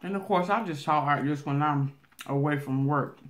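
Loud-laughing Southern country woman. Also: deep voice, normal speed. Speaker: vlogger. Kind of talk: casual storytelling while eating.

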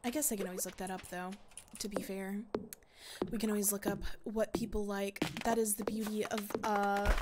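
Chatty woman gamer thinking aloud over loud clicks. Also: on the high side, very noisy. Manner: chatty, rambling, thinks aloud with frequent laughs. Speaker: let's play video creator. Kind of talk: casual gameplay commentary. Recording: loud mouse and keyboard clicks.

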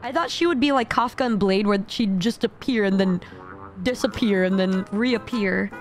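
A young woman streaming a casual game reaction, excitable and quick to shout and laugh, her voice sounding a bit strained. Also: mid-range voice. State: voice often strained. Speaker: VTuber streamer. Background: game music.

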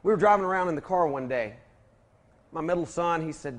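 A man's voice: fairly high pitch, lively intonation, brisk. A man giving a preacher-like lecture to an audience, folksy and emphatic, calling his listeners folks.

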